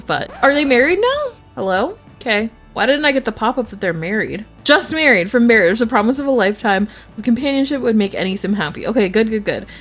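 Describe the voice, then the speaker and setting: Brief: woman gaming YouTuber, casual Let's Play commentary, chatty and excitable, medium pitch, soft game music underneath. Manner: chatty, excitable, squeals when delighted.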